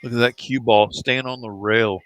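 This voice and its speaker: Laid-back male pool-hall commentator: chatty, rambling, clear bright tone, dry mic. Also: mid-range voice, steady tone, normal speed. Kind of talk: casual live pool commentary.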